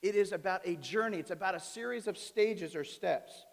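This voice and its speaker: A man preaching a sermon as pastor, animated, often turning to his congregation with questions. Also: high-pitched, moderate pace, creaky. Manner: animated, asks the audience questions. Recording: reverberant hall.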